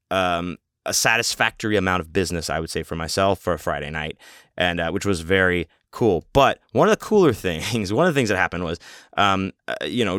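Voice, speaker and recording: A man's voice: deep voice, a bit bright, smooth, no echo, clean studio sound. A man hosting a podcast, telling a long story casually in a rambling, profane, self-mocking way. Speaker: podcast host.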